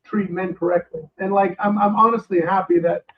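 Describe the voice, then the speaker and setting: A man's voice: high-pitched, fairly even intonation, brisk, slight background noise. A man being interviewed, ranting heatedly with many restarts and fillers. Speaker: guest. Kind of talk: casual interview chat. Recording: tinny phone-line call.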